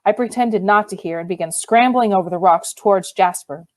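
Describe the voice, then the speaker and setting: A woman narrating a novel in the first person, measured and expressive. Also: medium pitch. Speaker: audiobook reader.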